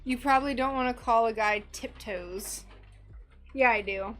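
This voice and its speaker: Her voice is fairly high and expressive, moving at a moderate pace. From a home workspace under bright lights, she hosts a stained glass craft stream, casually chatting with viewers and giggling as she responds to their messages.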